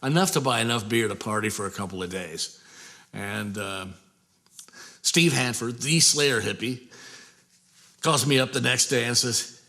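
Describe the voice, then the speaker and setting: Gravelly-voiced man telling a rambling story. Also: mid-range voice, unhurried. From Portland, Oregon, USA. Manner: rambling, animated, acts out quoted dialogue. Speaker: metal singer telling his story. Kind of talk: casual storytelling.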